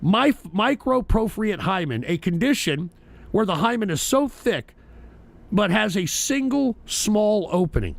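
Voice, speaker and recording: A man's voice: high-pitched, sing-song, measured pace, gravelly. A man hosting a live-streamed talk show, reading out odd news stories with brash, profane, mocking commentary. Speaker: political talk show host.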